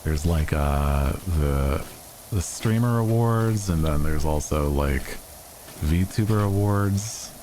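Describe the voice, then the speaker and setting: Very deep-voiced man, slow and rambling. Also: mellow, slight background noise, poor audio. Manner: rambling, easygoing, with frequent fillers and restarts. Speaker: VTuber streamer. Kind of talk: casual gaming stream chat.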